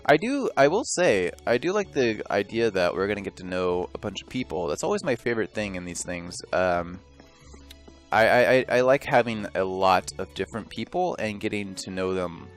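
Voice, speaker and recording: A man's voice: lowish voice, lively intonation, normal speed, faint music behind. A man rambling and joking through casual let's play commentary, often stopping and restarting mid-thought. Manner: rambling, self-interrupting, joking.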